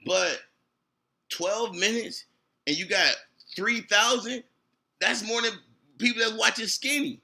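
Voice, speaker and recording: A man's voice: high voice, lively intonation, slow pace, gravelly, long pauses, bright, forceful tone. A man, ranting on a livestream in a profane, confrontational way, repeating himself often. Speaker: streamer. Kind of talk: heated livestream rant.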